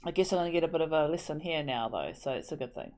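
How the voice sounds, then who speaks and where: A woman's voice: sits low, very animated, very fast, a little mellow, a little hiss or hum. A woman hosting a reaction video, blurting emotional, blunt comments with plenty of swearing. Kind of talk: casual TV show reaction.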